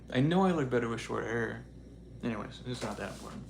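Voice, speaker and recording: Male livestreamer, casual and joking, mid-pitched, gravelly. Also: slight background noise. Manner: relaxed, joking, laughs often. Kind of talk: casual chat, reading viewer comments.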